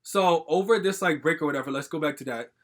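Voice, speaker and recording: Fast-talking young man venting a story. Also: a little high. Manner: rambling, heavy on "like" fillers and swearing; agitated, venting. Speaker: storytime vlogger. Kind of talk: casual storytime monologue.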